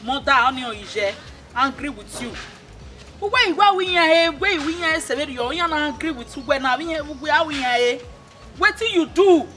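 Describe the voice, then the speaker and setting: Over faint music, an older village elder who lectures firmly. She mixes pidgin with local words, and her voice is high and bright. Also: lively intonation, normal speed. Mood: lecturing.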